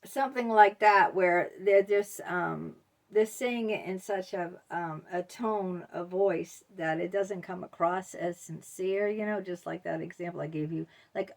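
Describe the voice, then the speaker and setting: A woman's voice: on the low side, measured pace, creaky. A woman vlogger talking casually to camera, rambling with many ums and you-knows.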